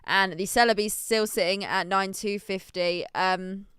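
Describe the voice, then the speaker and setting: A woman's voice: medium pitch, fairly even intonation, measured pace, a bit bright, smooth, no room sound, clean studio sound. A woman with an English accent hosting a casual livestream, chatty and giggly as she explains the steps on screen. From England. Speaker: host.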